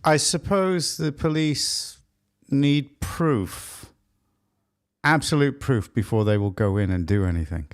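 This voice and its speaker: A man's voice: mid-range voice, takes it slowly, smooth. A man co-hosting a casual commentary show, musing and loosely phrased. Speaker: co-host.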